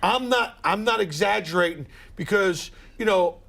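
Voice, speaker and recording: A middle-aged man fires off exasperated stand-up rants on a morning show. His voice sits high and has a gravelly rasp to it. He keeps up a wisecracking comic rhythm. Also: normal speed, fairly bright tone. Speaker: comedian guest.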